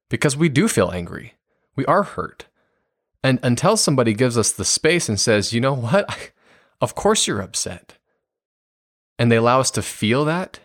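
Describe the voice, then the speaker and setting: Low-voiced man explaining earnestly. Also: fairly bright tone, no room sound, studio quality. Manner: earnest, explanatory, acts out example replies with bursts of enthusiasm. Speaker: podcast host and speaker on communication. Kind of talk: solo podcast teaching.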